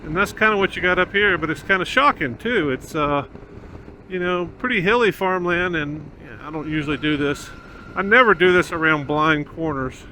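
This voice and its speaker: A man's voice: fairly high pitch, normal speed, sharp tone, a little hiss or hum. A man riding a motorcycle outdoors on a country road, talking through a helmet mic in rambling, casual commentary with many fillers. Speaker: motorcycle vlogger. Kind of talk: casual ride-along commentary.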